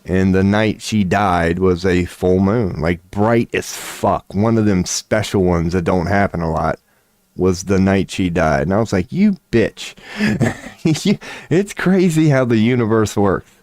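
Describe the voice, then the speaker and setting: A man's voice: deep voice, a little slow, a little mellow, dry recording. A toothless man on a casual livestream, rambling and swearing to his chat and laughing at himself. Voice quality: toothless, slightly lisping when mouth is dry. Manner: loose and profane, laughing at himself. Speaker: streamer giving tarot readings.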